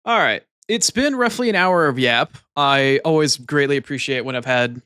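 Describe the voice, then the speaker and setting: A man's voice: medium pitch, animated, fairly quick, few pauses, sharp tone, clear, resonant tone, no echo, studio quality. A man streaming live, bantering with his chat casually, teasing and swearing freely.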